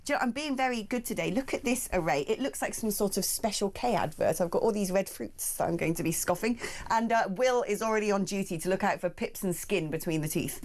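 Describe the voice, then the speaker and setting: A woman hosts a talk show from a broadcast studio, brash and animated. She riffs freely and jumps from point to point with quips. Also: medium pitch. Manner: brash, animated, quick to riff and joke.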